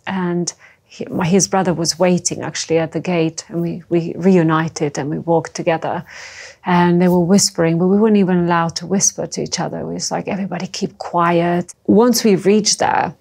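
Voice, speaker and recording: A middle-aged woman from the former Yugoslavia, recounting her past in a halting, emotional personal testimony. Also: lowish voice, fairly even intonation, creaky, a little mellow, slightly rough. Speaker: interview guest.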